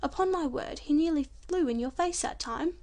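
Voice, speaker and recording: A woman's voice: high-pitched, normal speed, a little mellow. A woman voicing a cheerful, friendly young man in a storybook audiobook, speaking heartily.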